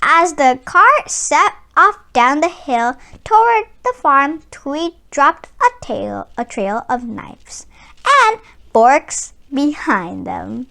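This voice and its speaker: A woman reading a picture book aloud for children, taking her time over each line. Her voice is high, bright and animated. She narrates with gentle, expressive storybook pacing. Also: slow, gravelly. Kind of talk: read-aloud storytelling for kids.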